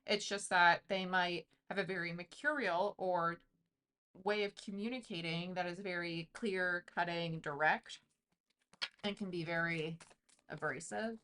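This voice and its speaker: A woman's voice: on the low side, steady tone, measured pace, bright, forceful tone. A woman giving a casual tarot reading, chatty and intuitive, thinking aloud with lots of fillers. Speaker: tarot reader.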